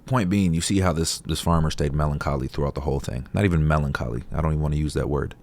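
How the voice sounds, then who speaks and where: A man with an exceptionally deep voice talks to camera in a relaxed, reflective vlog. He speaks conversationally and swears freely as he shares his perspective. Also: fast talker. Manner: laid-back, profane, conversational. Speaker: vlogger. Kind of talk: casual reflective talk to camera.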